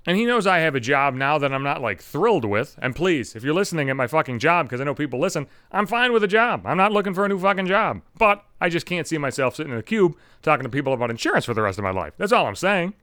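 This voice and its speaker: A man's voice: a little high, sing-song, fast, few pauses, fairly bright tone, dry recording. Profane, angry young man ranting. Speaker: podcast host. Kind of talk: solo podcast rant.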